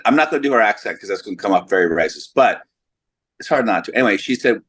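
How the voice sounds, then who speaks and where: A man's voice: on the low side, fast talker, fairly bright tone. A man co-hosting a casual podcast, telling an anecdote in a chatty storytelling way. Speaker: comedian co-host.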